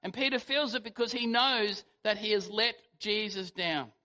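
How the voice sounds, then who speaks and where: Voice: medium pitch, moderate pace, pushed and bright. A preacher giving a sermon, telling the story animatedly and acting out quotes. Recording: long hall reverb.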